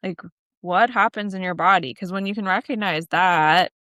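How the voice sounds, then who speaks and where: A woman's voice: medium pitch, moderate pace, bright, forceful tone, dry recording, clean studio sound. A woman co-hosting a podcast, talking in a reflective, coaching way with casual fillers. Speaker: podcast co-host. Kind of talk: casual chat.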